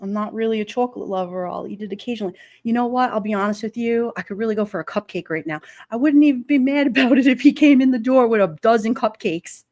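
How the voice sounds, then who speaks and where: A woman's voice: a little high, fast, hardly any pauses, darkish tone, no room sound, lo-fi sound. A woman hosting a casual livestream, chatting with viewers in a blunt, playful way and laughing often. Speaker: livestream host. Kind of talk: casual live chat with viewers.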